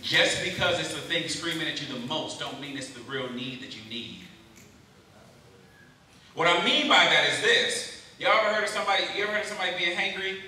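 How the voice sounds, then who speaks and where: Bright-voiced man preaching in an echoey hall. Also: on the high side, brisk, a little hiss or hum. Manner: lively, calls out questions to the crowd. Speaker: camp speaker. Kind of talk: youth sermon. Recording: very echoey hall, mic far off.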